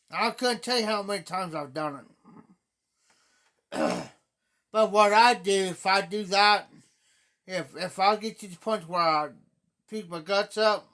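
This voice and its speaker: A man with an Ohio accent telling rambling stories on a live stream, repeating himself and often clearing his throat. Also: sits high, fairly bright tone. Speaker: livestream host. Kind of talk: casual storytelling chat. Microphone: phone or webcam on a live stream.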